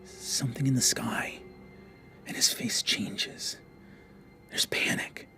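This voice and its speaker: A man narrating a tabletop role-playing game as game master, shifting between hushed whispers and urgent, raised passages. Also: medium pitch, steady tone, slow, creaky, soft background music. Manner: dramatic storytelling, dropping to whispers and rising to urgent shouts.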